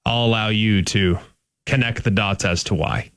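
A man from Dallas-Fort Worth, co-hosting a sports talk show in an animated, emphatic way. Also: fairly low pitch, normal speed, dry recording. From Dallas-Fort Worth, Texas. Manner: animated, emphatic, bursts into coach impressions.

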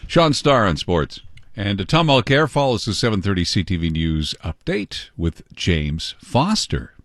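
Lively low-voiced radio host. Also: male voice, measured pace, no echo, studio quality. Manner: animated reactions, easy laughter. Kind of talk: casual radio banter. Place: radio studio.

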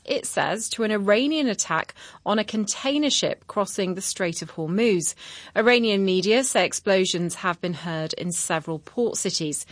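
A female news presenter reading headlines and questioning a correspondent in a clear, formal way. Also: mid-range voice, fairly bright tone, no room sound.

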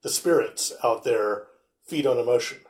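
A man's voice: medium pitch, normal speed, darkish tone, echoey room. A man chatting as a guest on a podcast, wry and a bit skeptical as he tells stories. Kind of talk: casual podcast chat.

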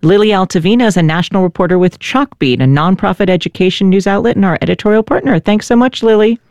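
Woman news host, dry studio sound, clear composed questions. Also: mid-range voice, fast, a little mellow, no echo. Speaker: radio host. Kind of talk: news interview hosting.

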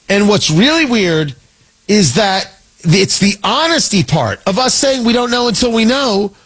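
A man hosting a political commentary show, talking in a sarcastic, animated monologue that swings his pitch for emphasis. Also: slow, breathy edge. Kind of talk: opinionated monologue.

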